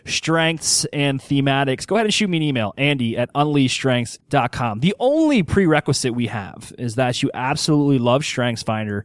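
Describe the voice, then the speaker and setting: A man's voice: mid-range voice, animated, normal speed, hardly any pauses, no echo, studio quality. A man from Pennsylvania hosting an interview podcast, upbeat and enthusiastic. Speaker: podcast host.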